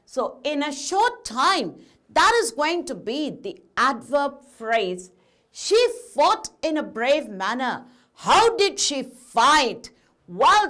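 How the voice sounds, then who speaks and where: A woman's voice: high-pitched, fairly bright tone. A woman teaching English grammar to children, patiently asking questions and answering them herself. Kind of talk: classroom lesson addressing children.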